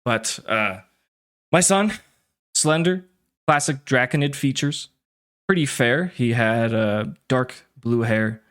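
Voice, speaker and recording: A man voicing a stubborn older father who tells his story in halting, rambling bursts. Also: medium pitch, expressive, fairly bright tone. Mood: hopeful. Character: stubborn older Draconid father, wistful and gruff.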